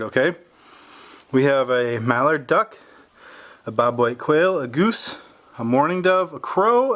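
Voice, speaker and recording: A young mother slowly quizzing her child, breaking into loud, high imitations of bird calls. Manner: slow, patient questions broken by loud high bird-call imitations. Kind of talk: playful bird-call game with a child.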